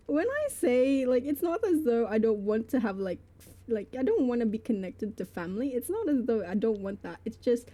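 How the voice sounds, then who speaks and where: A woman's voice: on the high side, big pitch swings, normal speed, dark tone. A woman streamer telling a story to her live chat, rambling with lots of fillers and laughing between phrases.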